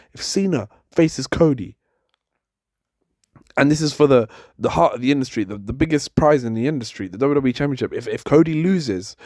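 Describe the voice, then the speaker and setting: A man's voice: fairly high pitch, a little mellow, no echo, clean studio sound. A young man delivering a heated, exasperated opinion rant as a commentator, hammering his points with repetition. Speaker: wrestling commentator and channel host.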